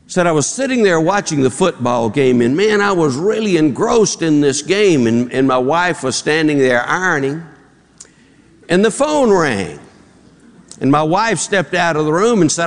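A man with a Southern accent preaching a sermon, a folksy storyteller who jumps his pitch up high when acting out jokes. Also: animated, a little slow. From Charlotte, North Carolina area. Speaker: pastor. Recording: long hall reverb.

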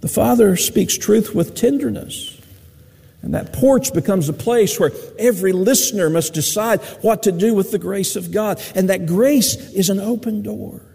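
A man's voice: sits high, moderate pace, vocal fry, dark tone, breathy edge, big-room sound. A man preaching a sermon, telling stories in a folksy way. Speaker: pastor.

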